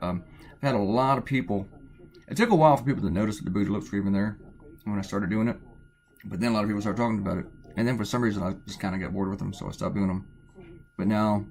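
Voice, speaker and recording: Lowish-voiced man rambling while drawing. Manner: chatty, meandering, self-deprecating, lots of fillers; quiet to avoid waking people. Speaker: cartoonist narrating his drawing. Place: at home, drawing early in the morning.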